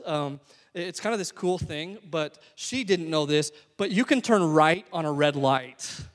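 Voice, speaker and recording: A man preaches a sermon, with a fairly high voice. He talks in a loose, conversational way and drops in joking asides. His voice carries a long reverb from the church hall. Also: fairly bright tone. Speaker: pastor.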